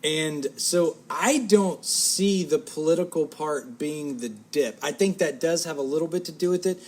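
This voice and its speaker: Rambling talkative man, slightly high voice. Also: a little slow. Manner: rambling, self-correcting, joking. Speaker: podcast co-host. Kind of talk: casual chat.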